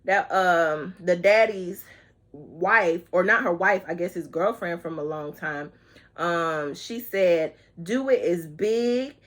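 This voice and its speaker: A woman with a voice on the low side reviews a movie on YouTube in a loose, chatty style. She is sassy and expressive, elongating words and breaking into song now and then, while speaking straight to viewers with terms like honey and child.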